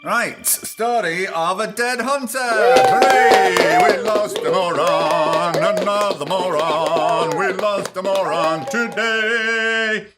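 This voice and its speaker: A man putting on a loud mock-Australian announcer. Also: high voice, very animated, faint music behind, voice pushed up, full character voice. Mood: gloating. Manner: loud, gloating, drawn-out.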